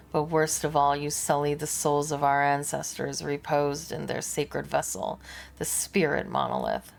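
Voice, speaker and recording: A menacing male alien harlequin, read aloud by a woman streamer, looms over his listeners with slow, scornful grandeur. The voice sits low and gravelly, and every word drips with cold contempt. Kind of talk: reading game dialogue aloud.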